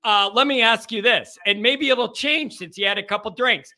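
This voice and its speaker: Male call-in host, high bright voice, animated and rambling. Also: moderate pace. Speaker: show host. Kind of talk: live call-in show chat.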